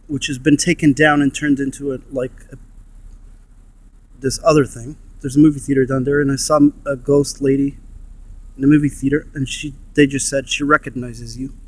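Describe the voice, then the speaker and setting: A man's voice: medium pitch, no echo. A man investigating the paranormal on location, calling out questions and then repeating and explaining what he thinks he heard. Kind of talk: casual on-location commentary.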